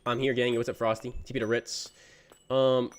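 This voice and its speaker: A man's voice: mid-range voice, flat delivery, moderate pace, clear, resonant tone. A young man chatting casually on a gaming livestream, reading chat messages aloud and answering them in a laid-back, slangy way. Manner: slangy, says "bro" often. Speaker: gaming streamer.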